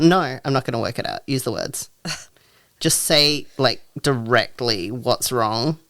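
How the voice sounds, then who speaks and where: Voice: mid-range voice, expressive, slow pace, a bit bright, no echo. A podcast co-host in casual chat, talking frankly and directly, with sudden rising asides.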